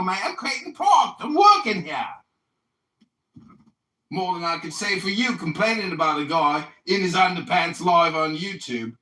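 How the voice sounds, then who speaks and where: A man in his forties hosting a livestream, shouting and mocking the other speaker with profanity. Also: high voice. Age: 40s. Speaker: livestream host, political candidate. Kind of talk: heated livestream argument. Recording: roomy echo, distant from the mic.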